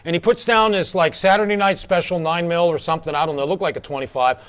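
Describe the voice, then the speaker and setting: Profane, animated man telling a road story. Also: on the high side, fast talker, clean tone. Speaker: former band crew member telling a tour story. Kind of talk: casual storytelling chat.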